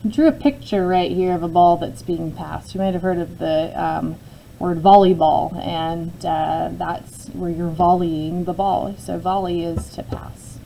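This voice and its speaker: A woman's voice: fairly low pitch, fairly even intonation, unhurried, creaky, warm tone, a little hiss or hum, rough recording. A woman teacher talking through a spelling and syllable lesson step by step, often checking in with her students. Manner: patient, explains step by step with frequent "okay?" check-ins. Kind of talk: phonics lesson, talking through a word sort.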